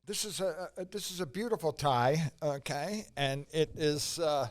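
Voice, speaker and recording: A man from the area co-hosting a podcast, talking in a halting casual way with many fillers and wry asides. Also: fairly high pitch. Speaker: podcast co-host. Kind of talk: casual chat.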